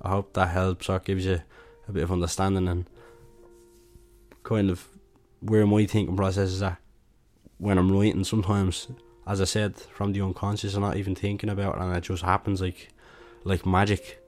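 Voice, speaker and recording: Low, flat-voiced Dublin man. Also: normal speed, soft background music. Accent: Dublin Irish. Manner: rambling, relaxed, many fillers and restarts. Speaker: podcast host and musician. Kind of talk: casual solo podcast talk.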